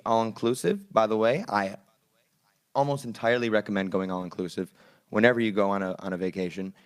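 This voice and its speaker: Laid-back young man, low voice. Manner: rambling, laid-back storytelling with crude jokes. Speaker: podcast co-host. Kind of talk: casual chat. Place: studio.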